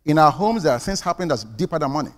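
A man's voice: a little high, expressive, very fast, big-room sound. A man preaching a sermon as pastor, emphatic and calling for amens from the congregation. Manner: emphatic preaching with call-and-response.

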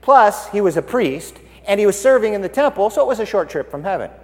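A man preaching a sermon, animated and swinging between loud and hushed. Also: sits high, quick pace, in a large hall.

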